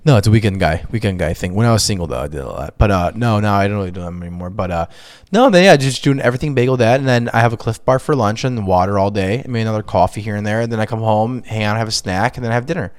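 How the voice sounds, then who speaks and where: This is a man from Chicago, talking quickly and with a lot of swing in his pitch. He is co-hosting a podcast in a loose, crude, rambling way, full of jokes. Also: expressive, no echo, studio quality. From Chicago, USA. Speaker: podcast co-host. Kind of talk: casual chat.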